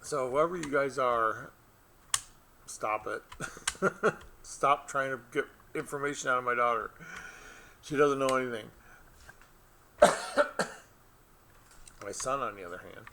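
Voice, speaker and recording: A man's voice: medium pitch, sharp tone, a little hiss or hum. A middle-aged man, an author, chatting casually to camera and telling a rambling story with frequent laughs. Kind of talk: casual vlog chat.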